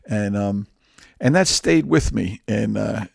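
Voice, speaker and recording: A man's voice: on the low side, animated, slow, vocal fry, husky, no room sound, studio quality. A man in his sixties talking through a candid personal monologue, rambling and repeating words, with wry humor. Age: 60s. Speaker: podcast host.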